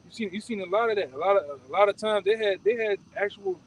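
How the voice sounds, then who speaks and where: A man's voice: high-pitched, huge pitch swings, fast talker, vocal fry, recorded from a distance, rough recording. A man leading a casual group discussion, emphatic and repetitive, often ending his phrases with "man". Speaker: discussion leader.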